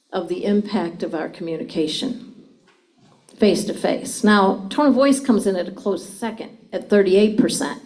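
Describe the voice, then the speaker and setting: Woman speaker at a seminar, mellow warm voice, keeps asking the crowd stuff. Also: mid-range voice. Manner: engaging, asks the audience questions. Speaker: communication speaker. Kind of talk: live seminar talk to an audience.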